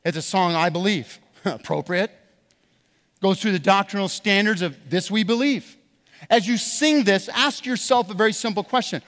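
High-voiced pastor preaching in a hall. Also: male voice, normal speed. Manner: animated storyteller, preaching with rising emphasis. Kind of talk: sermon with a personal story. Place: church sanctuary.

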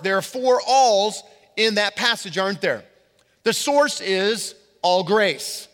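A pastor giving a sermon to his congregation, leaning hard on key words and slowing down to stress them. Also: sits high, lively intonation, fairly bright tone. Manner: emphatic preaching with slow stressed words. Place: church sanctuary. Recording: reverberant hall.

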